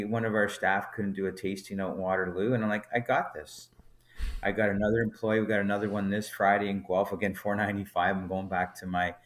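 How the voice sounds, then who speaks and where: A man, a brewery co-founder guest on a podcast, telling an anecdote and acting out the dialogue as he goes. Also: fairly low pitch. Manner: animated storyteller, acts out dialogue in quotes. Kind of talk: storytelling anecdote in conversation.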